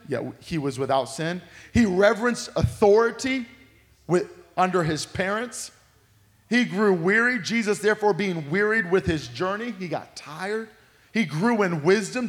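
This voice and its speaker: A high-pitched male pastor teaches a midweek Bible study, leaning into key words by dropping his voice low and quiet, and repeating phrases for weight. His voice rings with a long reverb that fills a church hall.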